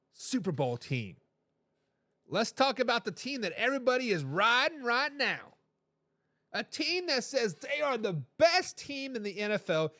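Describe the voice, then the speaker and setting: A man with a high voice hosts a sports talk show. He hammers his points by repeating phrases and reads viewer comments aloud with a laugh. The sound is dry and close, with no room echo. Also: a bit bright. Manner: emphatic, repeats phrases for effect.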